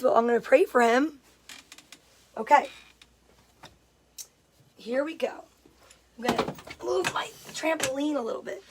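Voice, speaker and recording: A woman chatting casually on a livestream, greeting viewers by name and reading out their comments. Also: on the high side. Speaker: livestream host.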